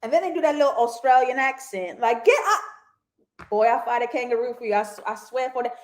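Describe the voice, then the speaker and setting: A woman hosting a casual livestream TV review, animated and laughing often as she talks to her viewers. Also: fairly high pitch, quick pace. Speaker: TV review host.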